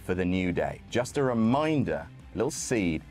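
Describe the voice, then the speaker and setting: A man's voice: deep voice, big pitch swings, moderate pace, darkish tone, faint music behind. A man giving scripted, wryly humorous narration as a wrestling commentator. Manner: wry, dry humor.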